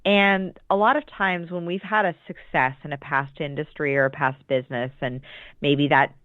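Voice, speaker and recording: A woman's voice: sits low, fairly even intonation, normal speed, dry recording. A woman coach explaining her approach in a casual interview, thoughtful and restarting her sentences often. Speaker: business coach. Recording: tinny phone-like dry line.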